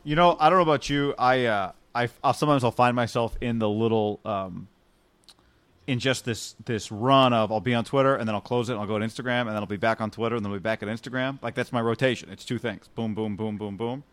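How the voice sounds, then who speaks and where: A man's voice: medium pitch, fast, fairly bright tone, clean tone. A man co-hosting a casual sports talk show, teasing his partner and rambling in a wry way. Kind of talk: casual sports radio chat.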